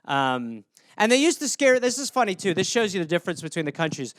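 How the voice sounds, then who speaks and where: Brief: animated comedy host, a man with a high, lively and crisp voice, profane casual riffing, dry close sound. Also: fast talker, dry recording.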